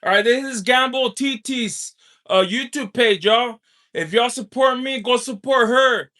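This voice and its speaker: A man's voice: very high-pitched, a little slow, pushed and bright. A man hosting a casual livestream, talking in a laid-back, repetitive way and laughing often. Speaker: livestream host.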